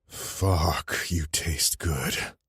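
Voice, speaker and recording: A woman lowering her voice for a husky menacing mafia boss. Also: dry recording, clean studio sound, exaggerated voice. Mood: murmuring. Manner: low slow murmur. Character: scarred ruthless mafia boss, grown man, calm and menacing. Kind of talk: audiobook character voice.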